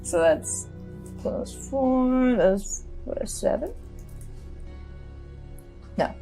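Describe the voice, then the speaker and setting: A woman playing a tabletop game, joking and excitable as she calls her attacks. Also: high-pitched, extremely slow, vocal fry, faint music behind, poor audio. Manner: excitable, giggly banter. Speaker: player. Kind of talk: casual tabletop play.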